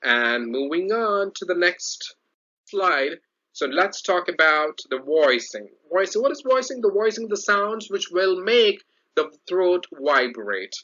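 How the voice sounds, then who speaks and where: Male speech coach, bright forceful tone, repetitive teaching delivery, muffled recording. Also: high-pitched, takes it slowly. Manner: repetitive, explanatory, lively modulation. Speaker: English speech trainer. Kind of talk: slide-based lesson. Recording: dull lo-fi audio.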